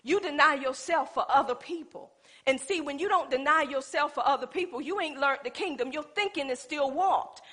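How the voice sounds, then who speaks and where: A woman's voice: high voice, moderate pace, bright, forceful tone. A woman pastor preaching a sermon in a colloquial style. She calls out to the congregation and acts out little scenes from her own life.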